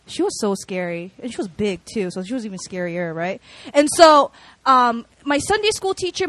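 A woman delivers a sermon mixed with personal stories, her voice pitched high and very lively in range. She talks casually and expressively, with plenty of fillers. The sound is dry and close. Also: no room sound. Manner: animated, expressive, conversational with many fillers. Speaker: preacher.

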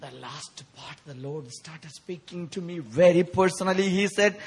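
A man with a high voice preaches a sermon at a church prayer meeting, speaking at a moderate pace. He tells his story emotionally, with laughter and sudden outbursts.

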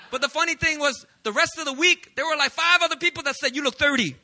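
A man in his thirties preaching a sermon as a pastor, telling lively, joking stories. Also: very high voice, quick pace, few pauses, a little hiss or hum. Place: church service.

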